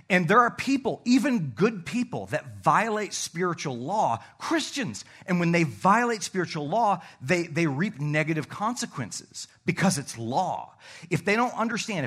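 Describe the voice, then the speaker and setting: A male pastor delivers a lively sermon in church. His voice sits a little higher than most men's. He swings between quiet, slow emphasis and loud, quick calls for the congregation to repeat key words. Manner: animated preaching with calls to the congregation.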